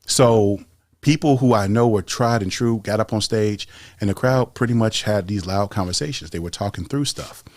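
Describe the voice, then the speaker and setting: Man, low voice, rambling crude storyteller, dry close sound, casual group chat. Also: a little mellow, no echo. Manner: rambling joke-telling storyteller, profane. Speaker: stand-up comic in group chat.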